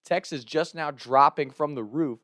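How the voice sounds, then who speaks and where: A man telling a comic story on his vlog, animated and profane, laughing between lines, and turning earnest when he thanks his viewers. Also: a little high, moderate pace, no room sound, clean studio sound. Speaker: storyteller and content creator.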